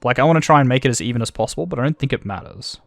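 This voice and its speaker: A gravelly-voiced Australian man talks through a video game in a casual, self-deprecating way, thinking aloud as he goes. His pitch jumps around a lot. The sound is close and dry, with faint game music underneath. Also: expressive, very fast, no room sound. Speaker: gaming channel host. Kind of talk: let's-play commentary.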